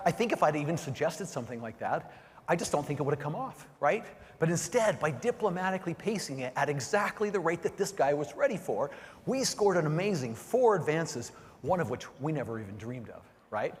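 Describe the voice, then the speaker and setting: A middle-aged man giving an energetic keynote on sales, often checking in with the audience by asking "right?" and "okay?". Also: fairly high pitch. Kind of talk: motivational keynote presentation. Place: large conference hall. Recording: long hall reverb.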